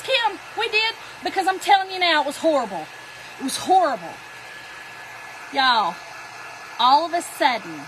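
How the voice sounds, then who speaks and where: A woman hosting a crafting livestream chats animatedly, telling her viewers a story and calling them "y'all" as she works. Her voice is high, with background noise behind it.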